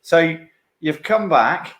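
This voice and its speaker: A man's voice: fairly high pitch, lively intonation, slow, fairly bright tone. A man hosting a podcast, asking long, rambling questions full of restarts and fillers in a casual interview. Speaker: podcast host.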